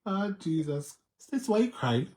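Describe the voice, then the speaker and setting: A man's voice: a little high, very animated, normal speed, mellow. A Jamaican man hosting a vlog, giving emphatic reaction commentary, repeating himself and often laughing. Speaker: vlog host.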